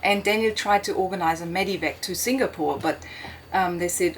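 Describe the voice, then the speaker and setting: A middle-aged woman, an interview guest, recounting a personal experience earnestly and haltingly, with frequent fillers. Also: on the low side, slight background noise. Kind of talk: personal account in conversation.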